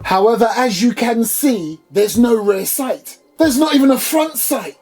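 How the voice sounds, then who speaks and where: A man doing an upbeat, high-pitched reviewer persona, playfully showing off a product in his small home studio. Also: a little slow, a little mellow, faint music behind. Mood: enthusiastic. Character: chirpy high-voiced male gun reviewer persona.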